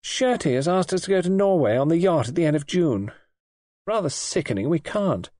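A man's voice: a little high, animated, fairly quick, darkish tone, no room sound, voice pushed up, close to an everyday voice. A man voicing a sulky, spoiled young wife. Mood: petulant, dreamy. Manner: coaxing, sulky, lightly raised voice.

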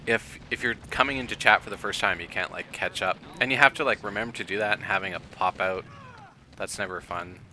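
A man with a sharp, very bright and slightly low voice chats with his stream viewers. He talks casually, thinks aloud and keeps clearing his throat between remarks. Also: fairly quick, a little hiss or hum. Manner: chatty, thinks aloud with fillers and laughs. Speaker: game streamer.

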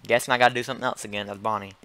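A young man casually commenting on a horror game as he plays, jumpy and excitable, yelping when startled. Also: on the low side, racing. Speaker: gaming channel host. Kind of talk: let's play commentary. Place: home room.

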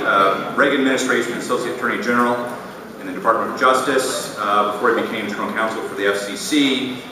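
A man moderating a panel, briskly reading a speaker's biography with frequent "uh"s. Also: on the low side. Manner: brisk, reads a bio with many "uh"s. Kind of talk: introducing a speaker. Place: large conference hall. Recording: echoey hall, voice from far off, noise.

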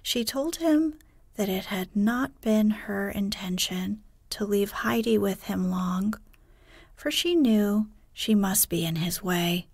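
A woman reads a bedtime tale in a hushed, half-whispered voice. She takes her time over every phrase, and the sound is close and dry. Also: medium pitch, no echo. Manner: hushed, partly whispered, unhurried reading. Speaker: narrator of bedtime stories. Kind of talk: soft sleep-story narration.

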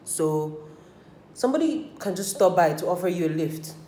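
A woman's voice: lowish voice, expressive, moderate pace, dark tone. A woman telling stories in casual chat while doing her makeup, candid and full of swearing and acted-out quotes. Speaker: beauty vlogger. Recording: echoey room, faint hiss.

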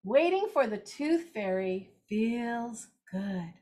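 Animated high-voiced older woman reading aloud. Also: slow. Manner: animated, expressive, gentle. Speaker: circle time teacher. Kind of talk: reading picture books aloud to children.

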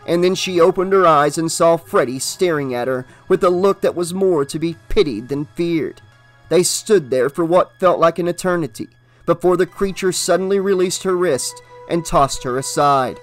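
A man reading a horror novel aloud as an audiobook, with steady, dramatic narration. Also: a little high, normal speed, dry recording, faint music behind.

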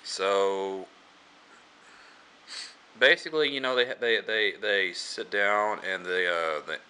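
Deep-voiced man, sharp and tense. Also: takes it slowly. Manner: rambling, many filler words and restarts; frequent throat clearing. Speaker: movie reviewer. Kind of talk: casual plot retelling.

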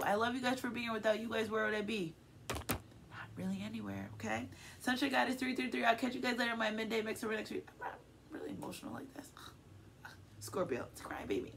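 Fairly high-pitched and fast, with vocal fry and background noise, a tarot card reader gives her viewers an easygoing reading. She chats warmly and effusively, often grows emotional, and keeps asking her audience "okay?"

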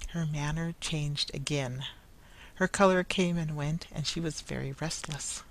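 Measured storybook narrator. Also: mid-range voice, a bit bright, low-quality recording.

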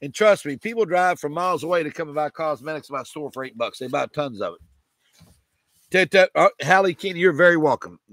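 Male auctioneer, rapid bid chant, slightly raised pitch, coughing between calls, dry close sound. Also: animated, a bit bright, no echo. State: coughing, choked up. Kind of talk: live online auction selling.

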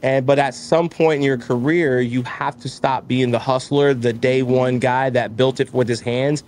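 A man's voice: medium pitch, normal speed, slight background noise. Man, thirties, business owner guest; mid-range voice, candid, acts out the people in his anecdotes. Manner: candid, animated storytelling, acts out quoted voices. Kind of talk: casual conversational interview.

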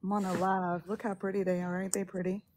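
A sick woman with a raspy voice, teasingly hosting a live chat stream. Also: on the low side, flat delivery, fast, a little mellow. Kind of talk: casual chat.

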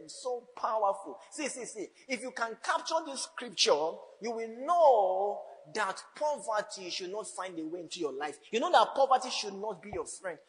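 A man's voice: high voice, big-room sound, low-quality recording. A man preaching a sermon as a pastor, teasing his congregation and laughing often. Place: church hall.

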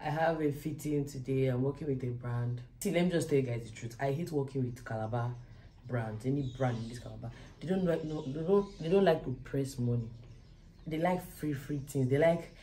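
A woman's voice: very deep voice, brisk, mellow, a little hiss or hum, poor audio. A young Nigerian woman with a Nigerian accent, chatting casually to camera at home in a vlog, joking about being broke. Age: young adult. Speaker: vlogger. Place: at home, indoors.

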